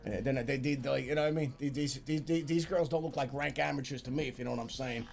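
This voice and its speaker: A middle-aged man, co-hosting a casual reaction stream and ranting loudly with profanity and rapid repeated questions. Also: medium pitch, vocal fry, soft background music. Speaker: streamer's father, co-host.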